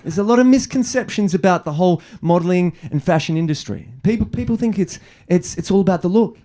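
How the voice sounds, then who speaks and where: A man's voice: high-pitched, fast talker, noisy background. A young adult man from Australia doing a stand-up comedy set, telling rambling, self-mocking stories full of repeated words. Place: comedy venue with live audience.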